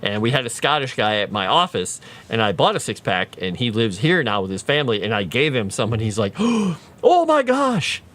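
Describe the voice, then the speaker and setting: Lively rambling man chatting on stream. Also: on the low side, a little fast, few pauses. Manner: rambling, tangent-prone, chatting to viewers. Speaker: writer streaming his lore writing. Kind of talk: casual livestream chat with viewers.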